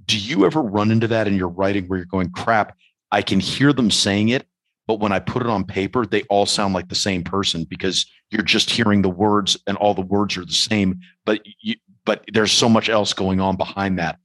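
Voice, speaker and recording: Deep voiced host guy asking a long thoughtful question, kinda searching for words, dry mic. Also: moderate pace, fairly bright tone, no echo, rough recording. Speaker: podcast host, interviewer. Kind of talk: conversational interview.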